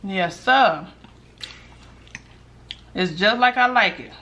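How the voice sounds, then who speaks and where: A middle-aged woman hosting a mukbang at home, chatting casually with viewers while eating and sometimes dropping to a hushed voice. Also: medium pitch, expressive, takes it slowly, dull audio, noisy background. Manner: chatty, talks while chewing, drops to a hushed voice for gossip. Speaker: mukbang host.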